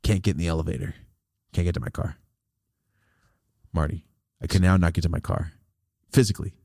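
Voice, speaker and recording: A man hosting a podcast, telling a long rambling story in a casual, profane, animated way. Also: sits low, a little fast, gravelly, dry recording, studio quality. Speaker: podcast host.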